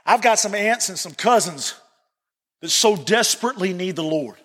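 High-voiced man preaching in a reverberant hall. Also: lively intonation, moderate pace, fairly bright tone, husky. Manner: earnest, repeats phrases for emphasis. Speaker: pastor. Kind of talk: sermon. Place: church sanctuary.

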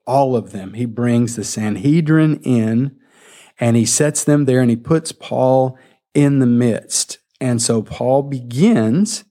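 A man preaching a sermon, retelling a scripture scene in a lively, storytelling way. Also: mid-range voice. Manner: animated storytelling, acting out the scene.

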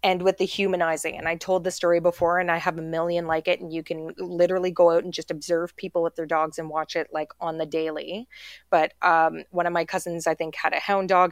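A woman's voice: lowish voice, no echo. A middle-aged woman chatting casually as a podcast host, full of fillers and little acted-out quotes. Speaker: podcast host talking dog training. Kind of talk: casual chat.

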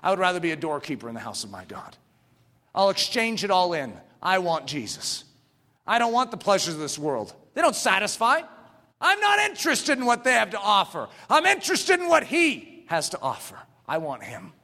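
A man preaches with fervor in a high, ringing, bright voice, climbing to shouts and then sinking to a hushed near-whisper. His sermon carries a long reverb from a church hall. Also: wildly swooping pitch, moderate pace. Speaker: pastor.

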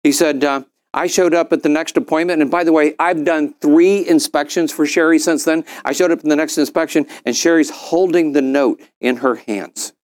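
Middle-aged man, animated group speaker, slightly higher voice, raises it for quoted lines. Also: normal speed, few pauses. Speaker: speaker at a business mastermind. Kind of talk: storytelling talk to a group.

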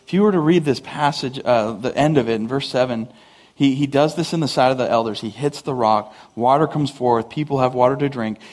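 Conversational pastor preaching a sermon. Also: male voice, medium pitch, a little fast. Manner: conversational, animated storytelling with acted-out voices.

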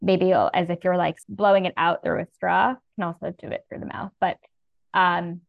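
This woman's voice is low, gravelly and level, moving at a normal speed as she coaches a breathing exercise. The recording is dry and muffled. She speaks soothingly and sincerely, in a casual style full of "like."

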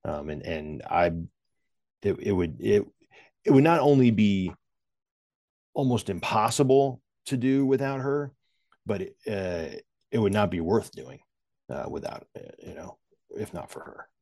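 Very deep-voiced man, rambling and candid. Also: sing-song, a little slow, long pauses, warm tone, no echo, studio quality. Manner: rambling, many fillers and restarts; self-deprecating humor. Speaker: podcast guest. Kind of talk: casual conversational interview.

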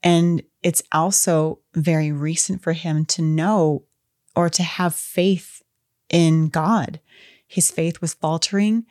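A woman with a low voice talks in a casual, gushing way, openly emotional as she discusses a film she loves. Her voice is recorded dry and close, with little room sound. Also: fairly even intonation, slow pace, a little mellow, no echo. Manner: enthusiastic, gushing, openly emotional fan talk. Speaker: podcast co-host.

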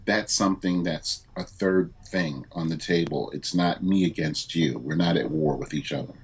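Male guest, very low husky voice, measured and reflective. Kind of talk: casual conversation.

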